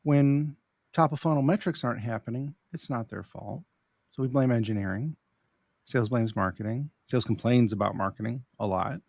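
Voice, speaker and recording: A man's voice: medium pitch, moderate pace, vocal fry, a little mellow, no echo, studio quality. A man hosting a casual podcast conversation, reacting emphatically and enthusiastically. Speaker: podcast host.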